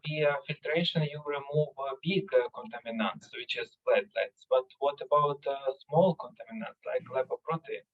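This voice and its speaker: Man asking a question over a tinny line. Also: a little high. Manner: halting, many fillers. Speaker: audience member asking a question. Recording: distant, phone-like audio.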